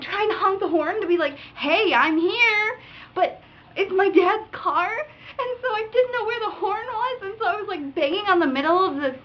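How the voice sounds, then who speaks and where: High-pitched young woman ranting animatedly. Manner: animated, acts out drivers with sound effects and curses. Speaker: vlogger. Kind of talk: casual storytelling rant. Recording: dull lo-fi webcam audio with faint noise.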